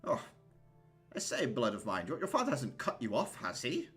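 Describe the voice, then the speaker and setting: A man's voice: huge pitch swings, normal speed, fairly bright tone, faint music behind. A man voicing a plump, smug and jovial middle-aged uncle in a tabletop game, with theatrical, fussy talk. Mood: probing. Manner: theatrical, fussy, high-pitched gushing.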